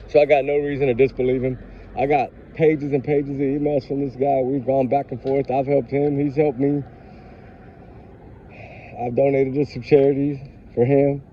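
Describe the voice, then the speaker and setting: A man, talking in an upset, preachy way as he vlogs outdoors on his phone. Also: mid-range voice. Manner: upset, preachy, Southern-style y'all talk. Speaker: true crime vlogger. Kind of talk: emotional casual vlog talk. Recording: dull lo-fi phone audio with faint street noise.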